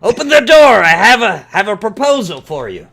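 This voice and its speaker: Man putting on a loud gruff dwarf. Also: sits high, very animated, normal speed, voice pushed up, exaggerated voice. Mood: boisterous. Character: gruff male dwarf sport-runner, boastful.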